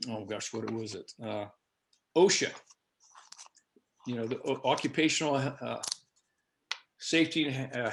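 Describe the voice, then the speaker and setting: A man's voice: medium pitch, fairly bright tone. An older man, an instructor, telling a personal story to his class with many hesitations and uhs. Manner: rambling, hesitant, full of uhs.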